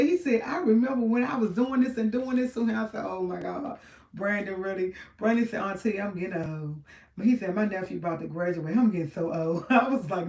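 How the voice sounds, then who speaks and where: A woman's voice: mid-range voice, a little fast, darkish tone, distant mic, a little hiss or hum. A middle-aged woman, chatting casually and rambling with viewers on a livestream, laughing often. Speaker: livestream host. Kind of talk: casual live chat with viewers. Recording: roomy sound from off-mic.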